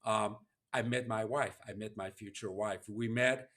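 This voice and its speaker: A man's voice: lowish voice, fairly even intonation, a little slow, fairly bright tone. Earnest man telling a personal story. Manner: earnest, emotional, heartfelt. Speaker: podcast host.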